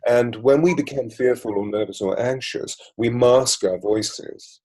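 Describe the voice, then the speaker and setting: A man, a voice coach and mystic guest, talking in a measured, flowing way in an interview, building long lists and repetitions. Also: mid-range voice, a little mellow, rough recording. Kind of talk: reflective interview talk.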